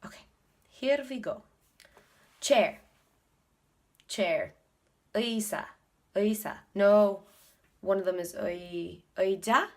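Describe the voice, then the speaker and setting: A woman's voice: mid-range voice, a little slow, long pauses, a little mellow. A woman with an Irish accent chatting casually in a study vlog, thinking aloud and repeating words to practise them. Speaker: video blogger learning Korean.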